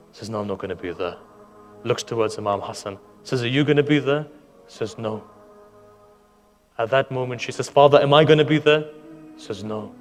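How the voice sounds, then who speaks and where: A man preaching a sermon, telling stories with quoted dialogue and rhetorical questions, moving between loud urging and hushed sorrow. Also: medium pitch, normal speed, long pauses, faint music behind. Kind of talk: sermon storytelling.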